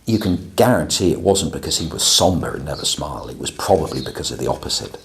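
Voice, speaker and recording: A pastor teaches a class on preaching in a conversational lecture, frequently checking in with his listeners. He talks fast and animatedly in a rumbling low voice with vocal fry.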